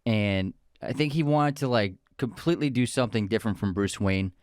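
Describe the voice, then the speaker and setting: A young man talks films on a podcast, keen and opinionated in casual back-and-forth. His voice sits low and is recorded close and dry, with no room sound. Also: fairly quick, no room sound. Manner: enthusiastic, opinionated. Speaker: podcast co-host. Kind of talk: casual film chat.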